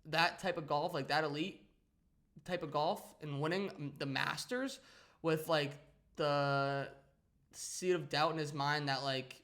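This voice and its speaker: A man's voice: on the high side, steady tone, a little slow, fairly bright tone. A young man co-hosting a podcast, talking casually and rambling with many restarts and "like" fillers. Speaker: podcast co-host. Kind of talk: casual chat.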